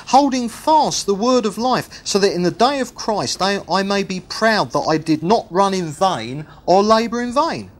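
Lively man teaching Bible study. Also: fairly high pitch. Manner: lively and jokey, stretches and repeats key words.

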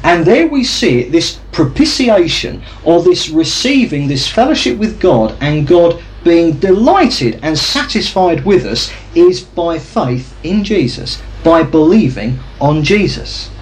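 A man's voice: fairly high pitch, very animated, a little slow, hardly any pauses, rough recording. A man preaching a sermon, teaching carefully and asking his listeners questions as he goes. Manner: teaching, asks the audience questions.

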